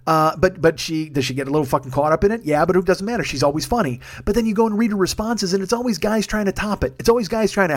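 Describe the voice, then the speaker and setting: A man in his forties rants like a stand-up comic, his voice sitting a bit high for a man. He tears through his points at a rapid clip, swearing freely and punching certain lines harder than others. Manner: profane, fast ranting with bursts of raised intensity. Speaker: comedian podcast host. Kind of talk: solo comedic rant.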